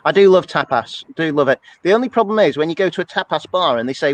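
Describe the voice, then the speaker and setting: A man's voice: on the high side, expressive, fast, no echo, poor audio. A man co-hosting a church's weekly show, chatting casually and rambling along in a self-deprecating way. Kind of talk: casual chat.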